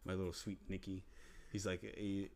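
A man with a fairly low voice spins a rowdy story in loose, casual podcast talk. He swears freely, laughs a lot and jumps into playful imitations of his friends. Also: completely flat delivery, normal speed, a little mellow, a little hiss or hum. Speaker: podcast co-host.

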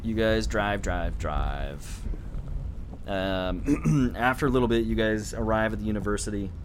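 A man running a tabletop horror game, his narration loose and full of ums. His voice sits a little low, and a steady hiss of noise runs under the recording. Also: measured pace. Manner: loose, rambling narration with many fillers. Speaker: game master.

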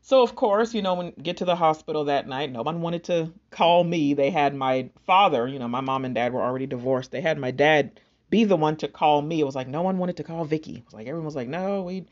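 A woman's voice: low voice, a little fast, darkish tone. A young woman earnestly recounting a personal loss and her faith, in an emotional, storytelling way. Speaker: speaker sharing a personal testimony. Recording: dull lo-fi sound.

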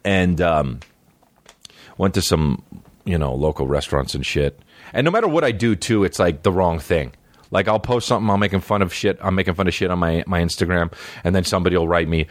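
A man's voice: fairly low pitch, animated, fast talker, no room sound. A male comedian hosting his podcast, telling loose, profane, meandering stories full of fillers in a studio. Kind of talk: rambling casual storytelling. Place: recording studio.

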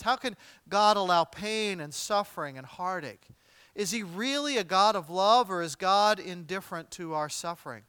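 A man's voice: high voice, pushed and bright, smooth, dry recording. A man preaching a sermon as pastor, conversational with light humor, turning dramatic when he reads scripture aloud. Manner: dramatic readings with wide swings in volume.

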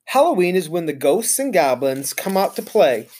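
A man's voice: high voice, big pitch swings, moderate pace, a little mellow, slightly rough, full character voice. A man voicing a cheerful, joking male school custodian who chats and teases, in a storybook read-aloud. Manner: chatty, teasing.

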